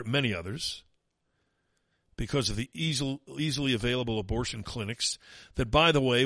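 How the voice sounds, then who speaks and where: A man's voice: medium pitch, pushed and bright, no room sound. A man hosting a talk radio show, delivering an opinionated, mocking and emphatic monologue.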